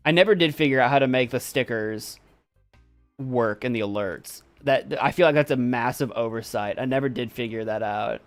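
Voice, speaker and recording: A man's voice: medium pitch, normal speed, faint music behind. A man chatting casually on a live stream, giving playful commentary.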